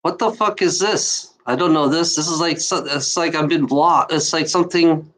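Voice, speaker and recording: A German woman who hosts a channel delivers an emotional, unscripted monologue in a deep voice. She is out of breath, speaking in halting bursts that keep restarting.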